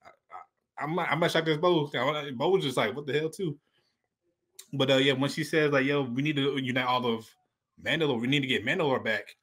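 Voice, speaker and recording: A man sits in as a guest on a casual talk show and gives his reactions to a TV episode. He rambles and restarts his sentences often, with slangy asides. His pitch is in the middle range for a man. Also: brisk, a bit bright, slightly rough. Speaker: guest co-host. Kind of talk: casual show review chat.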